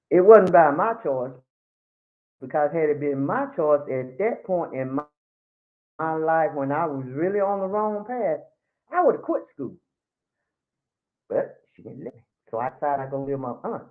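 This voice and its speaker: Outspoken woman, tinny phone-like sound. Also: low-pitched. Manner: outspoken, emphatic, blunt humor. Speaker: church member giving testimony. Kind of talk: candid testimony at a Bible study.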